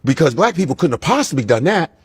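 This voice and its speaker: A man in casual conversation, telling stories animatedly and slipping into quick impressions. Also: on the high side, husky. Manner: animated storyteller who slips into impressions. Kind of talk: casual chat.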